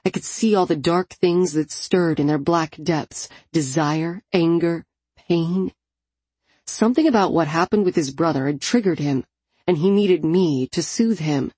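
A woman narrating a first-person audiobook in an intimate, low-key delivery. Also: unhurried, dark tone, husky, no room sound.

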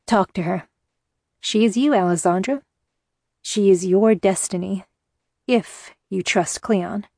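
A woman's voice: mid-range voice, slow pace, vocal fry, long pauses, dark tone, dry recording, clean studio sound. A woman voicing a strong young man who speaks firmly and urgently. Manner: firm, urgent. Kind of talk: audiobook narration.

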